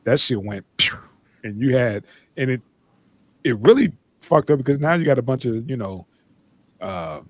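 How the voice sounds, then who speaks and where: A man's voice: mid-range voice, animated, moderate pace, long pauses, no room sound. A man with a mid-range voice talking loosely on a podcast. He swears casually and goes along with his partner's points in an easy back-and-forth. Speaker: podcast co-host.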